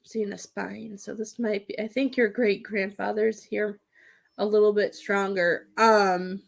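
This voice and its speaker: Halting woman giving a psychic reading. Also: medium pitch, level tone, creaky. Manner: halting, rambling with many restarts. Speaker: psychic medium.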